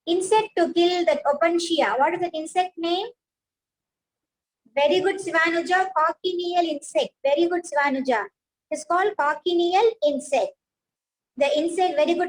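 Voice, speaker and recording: A woman's voice: very high voice, a little hiss or hum, rough recording. A woman, teaching a science class, patiently repeating points and praising pupils by name.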